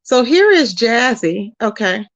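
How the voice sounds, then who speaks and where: A woman's voice: on the high side, big pitch swings, unhurried, dry recording. A woman hosting a commentary channel, ranting bluntly and scolding someone, repeating her points and drawing out words for emphasis. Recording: dull lo-fi audio.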